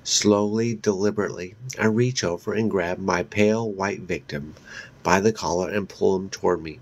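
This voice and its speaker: A man reading a first-person horror story aloud in a slow, deliberate way. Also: low-pitched, steady tone, gravelly. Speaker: audiobook reader.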